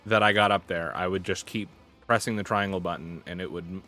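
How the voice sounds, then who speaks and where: Man, very low voice, gaming streamer, exasperated, swearing, self-deprecating, faint music behind. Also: steady tone, brisk, bright, forceful tone. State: sweating in the heat. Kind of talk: frustrated live gameplay commentary.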